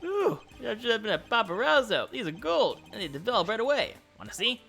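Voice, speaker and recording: A man voicing a boisterous, joking older male photographer friend who teases loudly and stretches out his exclamations. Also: high voice, big pitch swings, vocal fry, soft background music, pitched above the performer's own voice, exaggerated voice. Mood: jovial. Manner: loud, teasing, drawn-out exclamations.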